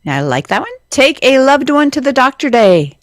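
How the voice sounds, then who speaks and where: A woman's voice: sits high, very animated, moderate pace, dry recording. A middle-aged woman co-hosting morning radio, chatting and reading lists conversationally in a studio. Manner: conversational, reads lists, trails off. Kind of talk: casual radio chat. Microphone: studio mic.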